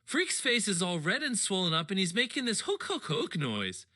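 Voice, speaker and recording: A man reading a story aloud in the first person, in an animated, expressive way. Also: high-pitched, normal speed. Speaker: audiobook reader.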